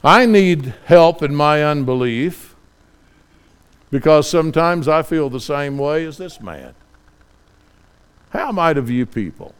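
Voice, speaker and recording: A middle-aged man preaching a sermon, reading scripture quietly and then building to fervent, pleading questions. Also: on the high side, clean tone.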